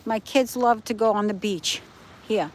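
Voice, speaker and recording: A woman's voice: mid-range voice, measured pace, a little hiss or hum, low-quality recording. A middle-aged woman chatting casually to livestream viewers on her phone while walking her dog by the ocean at night. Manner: chatty, points things out to viewers. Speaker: livestream host. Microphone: phone held while walking.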